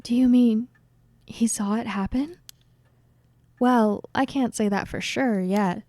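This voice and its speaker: A woman's voice: on the high side, takes it slowly, warm tone, no echo. A woman voicing a cocky private detective in a game, speaking in a dry, teasing drawl while reading his lines live. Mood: musing. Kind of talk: game voice-over read live. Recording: game music playing behind.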